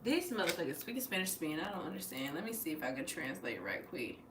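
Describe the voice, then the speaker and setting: A young American woman hosting a casual livestream, animated and profane, swinging between mutters and loud bursts. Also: low voice, fast, roomy sound, background noise. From United States. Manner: profane, playful. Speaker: livestream host.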